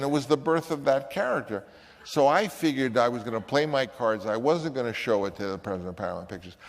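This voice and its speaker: A man's voice: lowish voice, long reverb tail. A man and film director telling a rambling anecdote, often stopping and restarting his sentences. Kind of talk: anecdotal storytelling.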